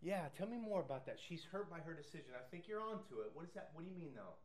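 A man's voice: a little high, fast talker. A middle-aged male pastor preaching and leading a Bible study, telling stories with acted quotes. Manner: animated storytelling with acted quotes.

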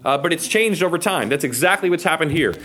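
Animated American man teaching a Bible class. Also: fairly high pitch, fast talker, slightly rough. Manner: animated, acts out quotes, asks listeners okay.

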